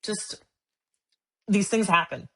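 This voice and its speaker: A woman's voice: mid-range voice, slow pace. A middle-aged woman telling a story as an interview guest, acting out the dialogue as she goes. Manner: animated, acts out quoted dialogue. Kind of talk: conversational storytelling.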